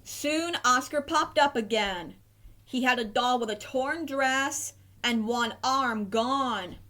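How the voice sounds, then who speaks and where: A woman reading a children's picture book aloud in a gentle, clear narrating voice. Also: sits high, slow pace. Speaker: storybook reader.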